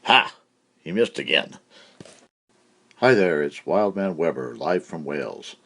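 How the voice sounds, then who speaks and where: The recording is very noisy, carrying a man's rumbling low, creaky voice that is animated yet unhurried. As host of a cartoon comedy show, he delivers a joke-telling monologue in a brash, punchy way, using put-on voices.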